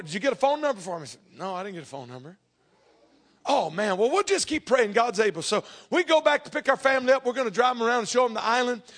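A man preaching a sermon, telling a story and acting out both sides of a conversation, swinging from shouts to hushed tones. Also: very high voice.

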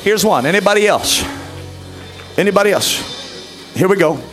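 A man's voice: high-pitched, animated, moderate pace. Fervent preacher man with music behind. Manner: pleading, rising to shouted fervent prayer. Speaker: pastor. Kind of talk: altar call and prayer.

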